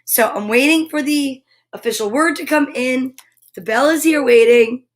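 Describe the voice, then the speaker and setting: A woman's voice: sits high, normal speed. A woman hosting a casual live show, chatting playfully with viewers and reading a tongue-twisting sentence aloud. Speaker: show host. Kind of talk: upbeat live-stream chat.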